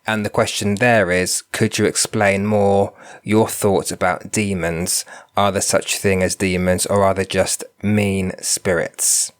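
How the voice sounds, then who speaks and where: Male podcast host, lowish voice, nasal and congested with a cold, gentle and reflective. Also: flat delivery, a little slow. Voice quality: nasal, bunged-up. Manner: gentle, reflective, thinks aloud with restarts. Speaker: podcast host and spiritual medium. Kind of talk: casual solo podcast talk.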